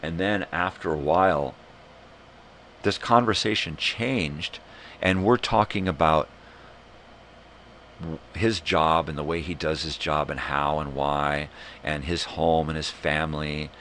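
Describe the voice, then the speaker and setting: A man hosting a live morning show, ranting in a rambling, profane, animated way. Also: a bass voice, unhurried, pauses often, slight background noise. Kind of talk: casual rant.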